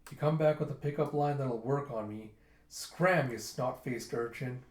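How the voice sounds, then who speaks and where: A man voicing a gruff old female pirate captain who talks in a curt, scolding way, in a roomy room. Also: mid-range voice, moderate pace, natural voice. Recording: roomy echo.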